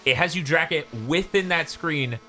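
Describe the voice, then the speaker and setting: A man's voice: on the high side, moderate pace, pushed and bright. A man hosting a casual podcast, telling stories animatedly and swearing casually. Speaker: podcast host. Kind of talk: casual chat.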